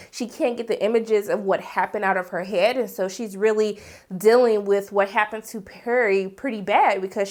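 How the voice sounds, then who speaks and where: A woman giving a casual, animated TV episode recap in slangy speech, often acting out the characters' lines. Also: medium pitch. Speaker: TV series reviewer.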